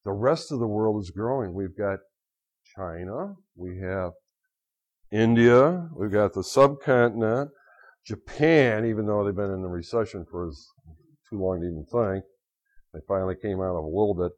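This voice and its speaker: A middle-aged man lecturing on finance to a class, telling lively anecdotes and acting out quotes, in a dull lo-fi recording. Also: fairly low pitch, moderate pace. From United States.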